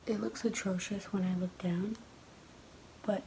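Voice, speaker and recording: A teenage girl filming a get-ready-with-me vlog, talking in a rushed, chatty way and often half-whispering. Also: steady tone. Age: teens. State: out of breath. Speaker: vlogger. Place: home, early morning. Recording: low audio with loud background noise.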